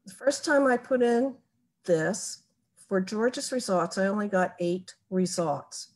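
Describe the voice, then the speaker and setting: A woman walks through a family tree tutorial at an unhurried, deliberate pace. Her voice sits in a middle pitch, and she explains each step methodically, like a teacher leading a beginners' class. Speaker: genealogy presenter. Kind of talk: recorded screen-share tutorial.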